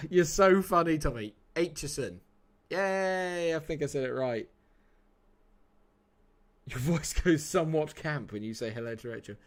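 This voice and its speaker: A male live-streamer chats casually with viewers while playing a game, joking around and answering chat by name. His voice is a little high with lively intonation, at a moderate pace with frequent pauses.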